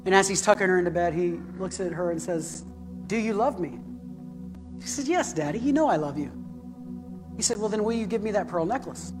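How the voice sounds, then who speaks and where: A man's voice: high-pitched, in a large hall. A male pastor telling a story in a sermon, building to fervent emphasis.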